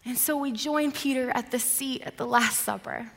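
A woman preacher giving a sermon, retelling a story dramatically, moving between vivid passages and hushed ones. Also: a little high, moderate pace, big-room sound.

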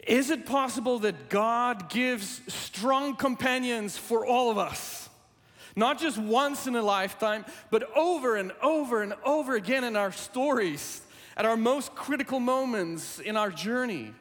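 A man preaching a sermon in a church, speaking earnestly and deliberately, repeating his key phrases. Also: very high voice, lively intonation, a bit bright, big-room sound. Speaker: pastor.

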